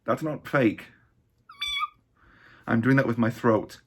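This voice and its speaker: A man with a hoarse, raspy voice, chatting casually in a gaming vlog and rambling with many fillers. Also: medium pitch, slow, background noise. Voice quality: raspy, gravelly. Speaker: vlogger.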